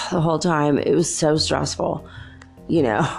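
Low gravelly woman telling rambling stories. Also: steady tone, slow pace, faint music behind. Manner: rambling, chatty, laughs often. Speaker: show host. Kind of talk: casual storytelling monologue.

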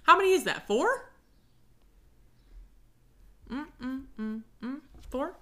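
A young woman co-hosting a casual book chat, expressive and quick to laugh and exclaim. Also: high voice. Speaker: podcast co-host.

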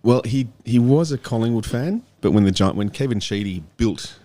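A man's voice: mid-range voice, expressive, moderate pace, mellow. An Australian man in his fifties, a guest musician, rambling through anecdotes and chuckling often in casual radio chat. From Canberra, Australia.

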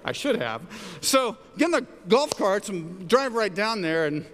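Animated male pastor in a reverberant hall. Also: measured pace. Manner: animated storyteller, rises high for quoted lines. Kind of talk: sermon with storytelling.

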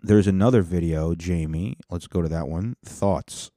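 A man's voice: sits low, normal speed, dark tone, no echo, clean studio sound. Laid-back, profane podcast host man. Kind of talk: casual reaction commentary.

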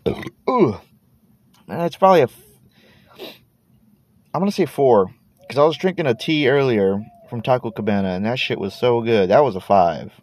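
A man's voice: medium pitch, lively intonation, normal speed, long pauses, darkish tone, no echo. A man in his thirties from Texas, rambling laid-back and cursing casually while sitting in his parked car. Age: 30s. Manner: laid-back, meandering, swears casually, trails off and repeats words. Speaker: podcast host.

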